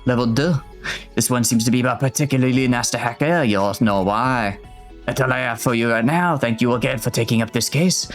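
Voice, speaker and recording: Man putting on a poised formal woman, mock French accent, earnest, measured, game dialogue read aloud. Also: mid-range voice, faint music behind, close to an everyday voice. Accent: put-on French accent.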